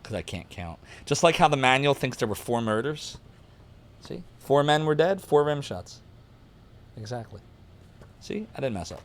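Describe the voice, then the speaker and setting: A man's voice: mid-range voice, expressive, normal speed, long pauses. A man streaming a game, joking and reading chat messages in a casual way. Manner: jokey, reads chat, puts on voices.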